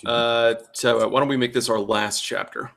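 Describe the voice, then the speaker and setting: A man's voice: medium pitch, steady tone, normal speed, gravelly, a bit bright. Man doing exaggerated comic readings. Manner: reads with exaggerated character voices and exasperated asides. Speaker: co-host reading fanfiction aloud. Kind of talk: comedic dramatic reading.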